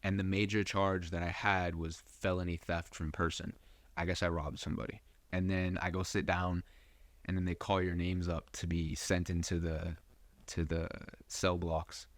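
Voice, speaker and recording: A man's voice: sits low, flat delivery, normal speed, dry recording. A young man hosting a podcast, telling a personal story in a loose, rambling way, swearing freely and full of fillers. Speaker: podcast host. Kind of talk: casual storytelling.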